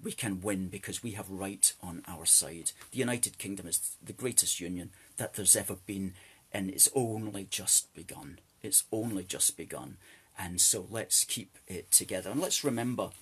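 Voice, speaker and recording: Husky emphatic Scottish man. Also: deep voice, normal speed, fairly bright tone. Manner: emphatic, repeats phrases for stress. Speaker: host. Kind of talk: live-streamed political talk.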